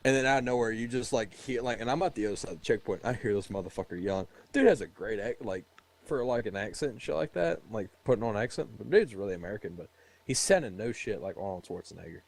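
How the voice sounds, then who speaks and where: A man's voice: lowish voice, animated, quick pace, vocal fry, a little mellow, poor audio. A young man casually telling a rambling, profane story about a military checkpoint, laughing as he goes. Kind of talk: casual chat.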